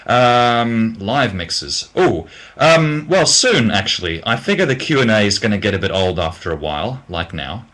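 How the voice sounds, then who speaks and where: A young Australian man with a very low voice that still has a bright, tense edge. He hesitates and restarts a lot, filling gaps with ums, then gives blunt answers. He reads out questions in a casual live Q&A and sounds worn out. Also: big pitch swings, moderate pace. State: getting tired. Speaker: music producer. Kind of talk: casual livestream Q&A, reading out viewer questions.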